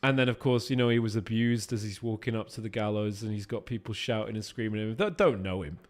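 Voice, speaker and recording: A man's voice: lowish voice, fast talker, soft background music. A man, a voice actor, chatting casually with his stream viewers while playing a game, swearing freely as he answers their questions.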